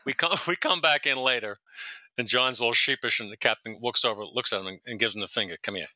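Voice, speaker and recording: A man, a former police detective, telling animated, profane anecdotes in a casual conversation. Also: mid-range voice, quick pace, no echo, rough recording. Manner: animated, profane, laughs at his own stories. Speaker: guest, former NYPD detective.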